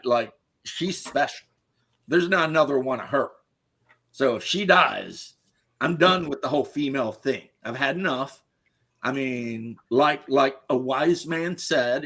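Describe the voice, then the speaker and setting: Blunt crude-talking man with a bright voice. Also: on the high side. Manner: blunt, crude, laughs at own stories. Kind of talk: casual opinionated chat.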